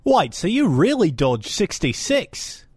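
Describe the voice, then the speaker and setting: Man playing a gruff clone deserter. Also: high-pitched, big pitch swings, takes it slowly, no room sound, clean studio sound, heavily acted. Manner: blunt, slangy, uses mate and bloody. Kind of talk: character voice in tabletop play.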